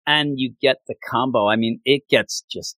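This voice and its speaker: A man's voice: medium pitch, moderate pace, no room sound. A man in casual chat, reviewing a comic issue and acting out scenes as he retells them. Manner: animated, retells scenes with acted quotes; frequent fillers and restarts.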